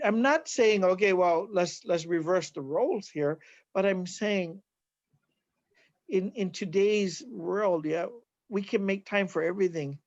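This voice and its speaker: Earnest Hawaiian healer man, high voice. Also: dry recording, dull audio. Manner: earnest, repeats "right?" often. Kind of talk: conversational interview, teaching.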